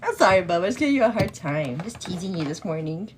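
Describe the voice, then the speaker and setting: A woman's voice: on the low side, big pitch swings, fast talker, slight background noise. A woman hosting a casual get-ready-with-me makeup show, chatting affectionately and greeting viewers in a sing-song way.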